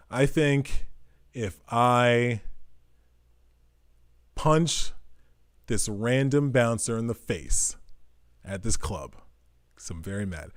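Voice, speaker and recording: A man's voice: medium pitch, dry recording. Rambling, profane man with dry sound. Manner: rambling, profane, jokey asides. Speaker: podcast host. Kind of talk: casual monologue.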